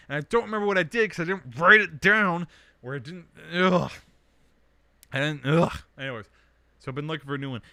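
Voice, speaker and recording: A young man hosting a casual livestream from home, rambling with lots of fillers and bursts of animated complaint. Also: fairly high pitch, clear, resonant tone, no echo. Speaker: podcast host. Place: indoors at home under a blanket.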